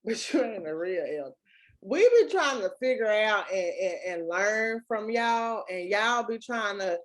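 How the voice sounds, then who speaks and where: A young woman with a Southern US accent co-hosting a casual chat, talking in an animated, emphatic, slangy way. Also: medium pitch, moderate pace. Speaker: podcast co-host.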